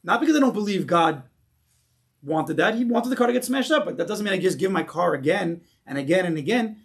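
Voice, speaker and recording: A man teaching a casual Torah class with a slightly high voice. He talks animatedly, throws out rhetorical questions and acts out the stories he tells. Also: animated, brisk.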